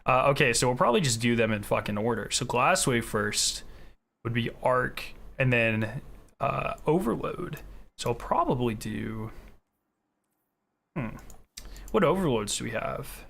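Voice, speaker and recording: A man's voice: mid-range voice, animated, measured pace, creaky, pauses often, fairly bright tone. A man live-streaming a video game, chatting casually with viewers, greeting them by name and swearing freely in a hyped way. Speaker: gaming streamer.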